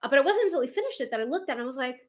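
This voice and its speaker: Animated, high-voiced woman chatting. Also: racing. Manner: animated, chatty, swears casually, laughs often. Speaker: livestream host. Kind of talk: casual chat reading viewer comments.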